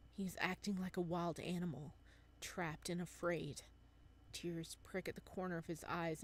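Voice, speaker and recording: A woman reading a visual novel aloud as she plays, with giggly, excited reactions between passages. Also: fairly low pitch. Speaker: gamer.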